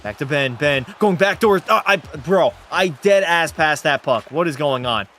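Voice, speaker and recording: With slight background noise, a tipsy young streamer calls his own hockey game in a slightly high, expressive, sharp-toned voice at normal speed. He's rowdy and profane, reading out and answering chat while narrating plays sportscaster-style.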